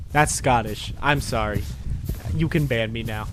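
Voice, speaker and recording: A man's voice: mid-range voice, measured pace, noisy background. A man chatting casually on a game livestream, rambling and apologetic, sounding tired. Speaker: game streamer.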